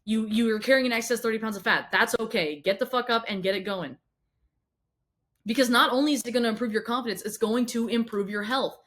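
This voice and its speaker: Fast-talking blunt woman fitness coach. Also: a little high, a bit bright. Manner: blunt, swears freely, repeats words; asks rapid questions straight at the listener. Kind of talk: motivational monologue to camera.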